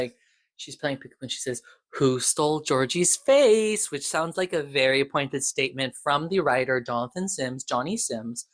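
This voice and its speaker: A man talks through podcast episodes in a loose, rambling recap, leaning on filler words and doubling back as he goes. His voice sits at an ordinary middle pitch for a man. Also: a bit bright. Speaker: podcast reviewer.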